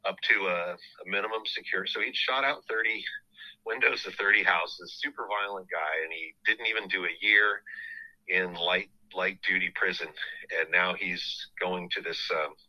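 Middle-aged male podcast host, low voice with a sharp, forceful edge, halting casual storytelling. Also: fairly even intonation, rough recording. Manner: halting, full of restarts and you-knows. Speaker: podcast host telling his family story.

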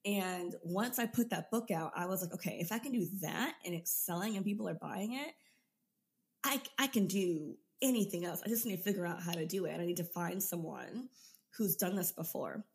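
Low-pitched young woman telling her story. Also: moderate pace, gravelly. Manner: lively, laughs often while telling her story. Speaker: podcast guest, business coach. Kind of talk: casual storytelling interview.

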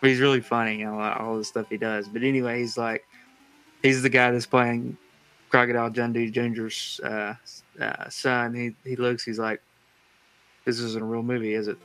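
A man's voice: medium pitch, little pitch movement, moderate pace, a bit bright, clean tone, soft background music, poor audio. A man hosting a casual game trivia quiz, reading out multiple-choice answers and laughing easily. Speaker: quiz host. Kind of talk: casual podcast chat.

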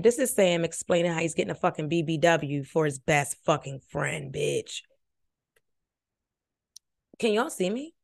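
Brash, profane woman with a lowish voice. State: sleepy late at night. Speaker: podcast host reviewing a reality show. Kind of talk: casual commentary.

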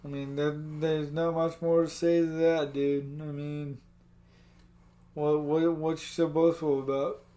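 A man's voice: fairly high pitch, level tone, measured pace, warm tone. A man chatting casually about wrestling, laid-back and rambling, often calling his partner dude. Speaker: co-host.

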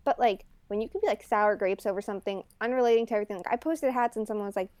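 A woman's voice: medium pitch, rapid-fire, a little mellow, no echo. A woman sports journalist in casual panel chat, blunt and candid, full of fillers.

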